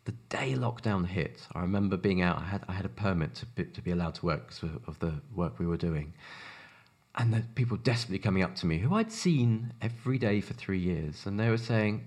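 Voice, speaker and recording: A man with a South African accent, a charity worker who speaks earnestly in an interview, animated and often repeating words as he restarts. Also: low-pitched, fairly quick. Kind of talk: earnest conversational interview talk.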